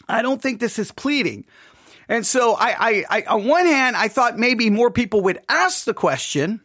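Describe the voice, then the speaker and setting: A man giving an informal Bible study talk, animated, acting out quoted lines with rising emphasis and conversational restarts. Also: high voice, slow, dry recording, studio quality. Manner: animated, voices God's words with rising emphasis. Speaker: Bible teacher.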